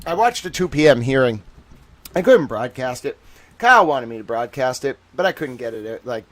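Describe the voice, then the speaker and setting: A man's voice: fairly high pitch, fairly bright tone. A man hosting a casual livestream, greeting viewers by name and rambling playfully with lots of filler words. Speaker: livestream host.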